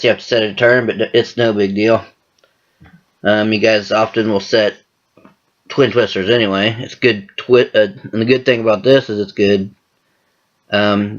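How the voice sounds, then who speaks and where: A man with a lowish voice rants about a card game, swearing freely and sounding fed up. The recording is dull and lo-fi, with a muffled home-video sound. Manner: ranting, profane, exasperated. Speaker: card game channel host. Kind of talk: casual vlog commentary.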